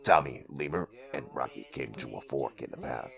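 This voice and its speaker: A man narrating a comedy audio drama in a deadpan, steady manner. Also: very deep voice, normal speed, creaky, soft background music.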